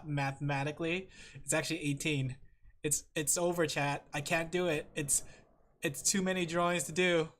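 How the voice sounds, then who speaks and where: With a streaming mic and headphones, a streamer talks directly to the chat while drawing, rambling casually and laughing frequently. Their tone is fairly bright at a medium pitch, over faint background music.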